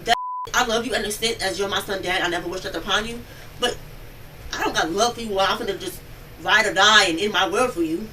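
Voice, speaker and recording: Fast-talking woman witness on bodycam. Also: mid-range voice, bright, forceful tone. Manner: rapid, breathless retelling. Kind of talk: recounting events to police. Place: home, near the kitchen. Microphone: police bodycam. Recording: distant bodycam audio with background noise.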